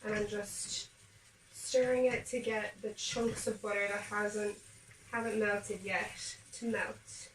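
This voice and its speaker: A woman's voice: mid-range voice, little pitch movement, slow pace, a little hiss or hum. A woman chatting upbeat to her viewers while she bakes at home, talking them through each step in her kitchen. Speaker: home baking vlogger. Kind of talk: casual cooking demonstration. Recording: echoey kitchen, mic a bit far off.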